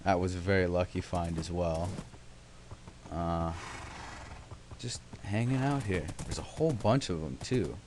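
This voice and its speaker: A man's voice: sits low, measured pace, pauses often, background noise. A young man casually narrating his gameplay, rambling with sarcastic, self-mocking asides. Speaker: let's play host.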